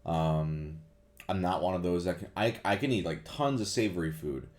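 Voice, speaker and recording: A man's voice: low-pitched, normal speed, darkish tone. A man, a voice actor, casually answering viewer questions and rambling with lots of fillers and restarts. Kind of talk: casual Q&A chat.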